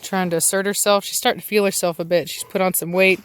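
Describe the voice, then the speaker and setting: A woman's voice: on the low side, steady tone, quick pace, clear, resonant tone. Chatty woman vlogging outdoors with dogs. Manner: chatty, calls out sharp commands to her dogs. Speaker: dog breeder. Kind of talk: casual vlog talk outdoors with dogs. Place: outdoors on rural property.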